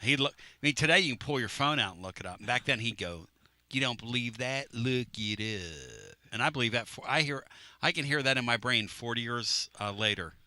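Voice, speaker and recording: A man with a mid-range voice talks fast, his tone pushed and bright, captured dry on a studio microphone. He hosts a sports talk radio show, teasing his co-hosts and rambling casually through stories like a brash storyteller.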